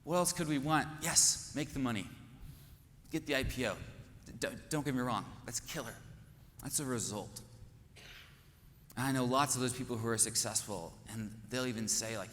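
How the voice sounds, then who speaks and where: A man's voice: medium pitch, moderate pace, long pauses, fairly bright tone. Man on stage in an echoey hall. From Kansas. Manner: earnest, rousing, rhetorical questions. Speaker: conference host. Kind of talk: inspirational conference speech. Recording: echoey hall with faint noise.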